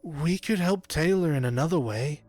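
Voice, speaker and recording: A man's voice: on the high side, moderate pace, a little mellow, faint music behind, voice pushed up, close to an everyday voice. A man voicing a frightened, unhinged young man who stammers and pleads, in a creepypasta reading. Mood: pleading. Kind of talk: creepypasta narration.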